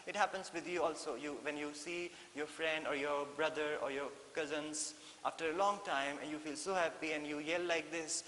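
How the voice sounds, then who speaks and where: A man with an Indian English accent teaching a story lesson, animated and repeating things, mixing in Hindi phrases. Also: on the high side. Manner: animated, mixes in Hindi, many fillers and repeats. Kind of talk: classroom lesson explaining a story. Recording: echoey room with faint hiss.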